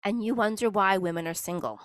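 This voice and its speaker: A woman's voice: mid-range voice, fairly quick, no echo, studio quality. A woman hosting a casual podcast, telling sarcastic stories with bursts of laughter. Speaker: podcast host. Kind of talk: casual chat.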